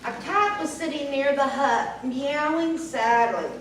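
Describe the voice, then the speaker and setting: A woman reading a folk tale aloud in a slow, expressive way, heard from far off in an echoey event hall. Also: sits high, a little hiss or hum. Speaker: storyteller. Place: event hall at a senior center fair.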